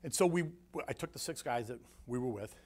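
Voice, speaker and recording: A middle-aged man telling a story to an audience in an animated, conversational way, often checking in with the listeners. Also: mid-range voice, a little fast. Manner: animated, conversational, frequent "right?" asides. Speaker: guest speaker.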